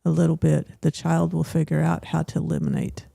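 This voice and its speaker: A woman speaks as a guest on a talk show, with a very gravelly, dark and flat-toned voice. She explains her point in a measured, steady way, and the sound is dry and close. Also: low-pitched, no echo. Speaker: guest, school owner.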